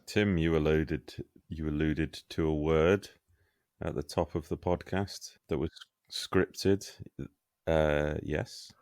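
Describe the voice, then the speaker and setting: Very deep-voiced man, podcast chat. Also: fairly even intonation, darkish tone, no echo, studio quality. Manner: measured, curious, explains things step by step. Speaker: podcast co-host. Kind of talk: casual discussion.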